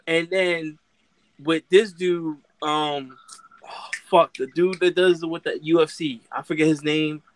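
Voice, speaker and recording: A man with a notably high voice rants about wrestling crowds on a casual podcast. He swears freely and talks in an animated, indignant way. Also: measured pace, a little hiss or hum. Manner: animated, profane, indignant ranting. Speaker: podcast co-host.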